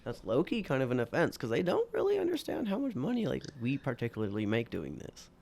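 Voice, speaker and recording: A man's voice: mid-range voice, huge pitch swings, quick pace, creaky, a little mellow. A young man in casual chat, telling a work story with lots of energy and acting out both sides of a quarrel. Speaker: podcast co-host.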